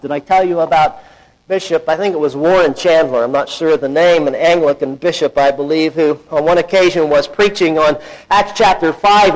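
High-voiced animated male preacher. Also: rough recording. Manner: animated, acts out quoted voices with big swings in pitch and volume; conversational, folksy asides. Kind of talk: expository sermon.

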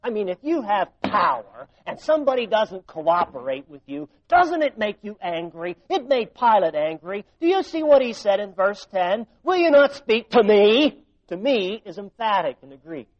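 A man preaching a sermon, sinking to hushed tones and then rising to loud, emphatic passages. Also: high voice, big pitch swings, normal speed, hardly any pauses, no echo, highs cut off. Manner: dynamic preaching, drops to near-whispers and rises to loud emphasis. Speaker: pastor.

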